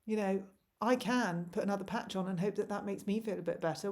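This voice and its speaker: A woman's voice: medium pitch, steady tone, fairly quick, darkish tone. A woman in her forties, a parent vlogger, delivers an impassioned, pleading monologue to camera full of rhetorical questions.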